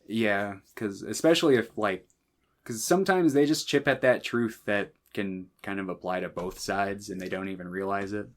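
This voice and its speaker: A man's voice: on the low side, normal speed. A man co-hosting a casual film podcast, rambling with many fillers and casual swearing. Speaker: podcast co-host. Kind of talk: casual film discussion chat.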